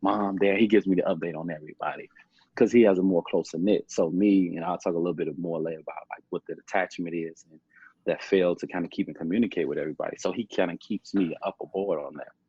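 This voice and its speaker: Deep husky young man telling his story. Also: steady tone, fast, warm tone, no echo. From Chicago. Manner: rambling, repeats himself, peppers speech with "man". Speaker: podcast guest. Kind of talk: casual storytelling interview. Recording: muffled lo-fi podcast audio.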